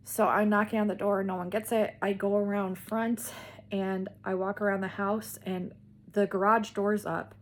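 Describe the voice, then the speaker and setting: A woman's voice: mid-range voice, level tone, normal speed. A woman vlogger casually telling a personal story, rambling with many "like"s and restarts.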